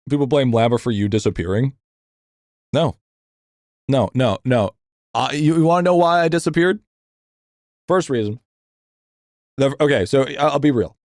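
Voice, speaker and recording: A man's voice: no room sound, clean studio sound. A young man live-streaming a game, ranting casually with lots of swearing, stammered restarts and repeated phrases, his voice climbing when he vents. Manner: profane, rambling, repeats himself with stammered restarts; animated, voice jumps higher when venting. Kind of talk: casual live-stream rant, reading chat.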